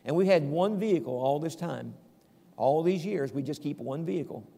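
An older man preaching a sermon in a relaxed, conversational way, checking in with his listeners and chuckling now and then. His voice sits somewhat high and carries a gravelly edge. The long reverb of a church hall trails behind each phrase. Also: normal speed. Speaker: pastor.

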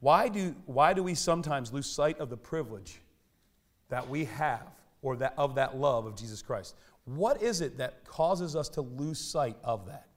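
A man preaching a sermon in a church, animated and conversational, with self-deprecating humor. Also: medium pitch, a little slow. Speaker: pastor. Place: church sanctuary.

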